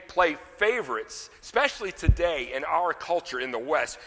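A man's voice: medium pitch, bright, forceful tone, in a large hall. A man preaching a sermon, emphatic on scripture readings and loose and chatty in his story asides.

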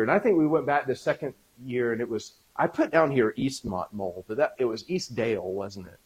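A man's voice: mid-range voice, slightly rough, rough recording. A male pastor leading a prayer and then preaching a conversational sermon, with frequent fillers, restarts and personal stories. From Alabama, US.

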